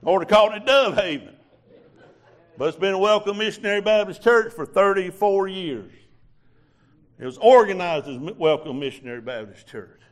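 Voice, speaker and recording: A preacher, telling a sermon testimony in a folksy storytelling way with quoted dialogue. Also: male voice, high voice, lively intonation, moderate pace.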